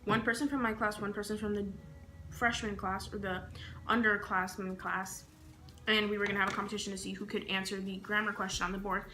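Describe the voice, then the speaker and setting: A young woman vlogger telling embarrassing stories in a casual, animated, slangy way while carving a pumpkin. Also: medium pitch, a little fast, background noise. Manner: animated, slangy, acts out quotes. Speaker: beauty vlogger.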